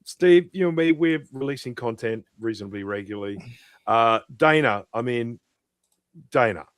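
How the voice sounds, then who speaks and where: Animated rambling man on a livestream. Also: medium pitch, moderate pace, clean tone, no echo, clean studio sound. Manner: animated, rambling, lots of restarts. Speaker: regular co-host. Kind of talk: casual livestream chat.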